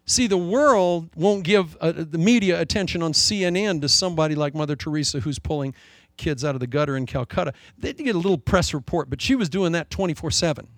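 A middle-aged man preaching a sermon as pastor, animated, swinging widely in pitch and volume as he acts out the people in his story. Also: a little fast, no echo.

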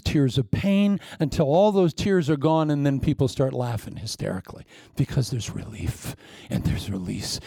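A male preacher delivers a sermon in a gravelly, mellow, mid-range voice. He tells the story animatedly, acting out lines and tossing in sudden asides to the congregation. The recording is dry, with no room echo.

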